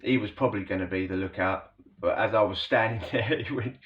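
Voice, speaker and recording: A man talks in a low, easy voice, rambling through a story with slang and constant asides to the listener. He sits a little way back from the mic, and the recording sounds dull and lo-fi. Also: quick pace, recorded from a distance. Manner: rambling, slangy, full of "you know" asides. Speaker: storyteller recounting prison life. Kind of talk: casual spoken storytelling.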